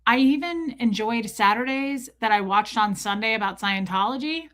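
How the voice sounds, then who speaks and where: Bright-voiced woman hosting a livestream. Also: fairly high pitch, normal speed. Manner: chatty, candid, reads comments aloud. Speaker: livestream host reading chat. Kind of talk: casual livestream chat.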